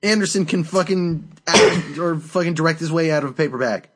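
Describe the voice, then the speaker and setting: A man's voice: fairly high pitch, brisk. A man co-hosting a comedy podcast, sarcastic and exasperated, swearing freely. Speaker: podcast co-host. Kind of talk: casual comedy chat.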